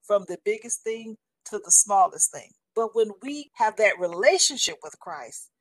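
A woman in her sixties sharing a faith testimony in a casual, animated and emphatic way, often calling the listener honey. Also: medium pitch, moderate pace, no echo. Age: 60s.

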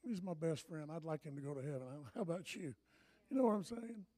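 An older man preaching a sermon as pastor, telling stories and swinging from hushed asides to loud urging. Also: fairly high pitch, expressive, fairly quick.

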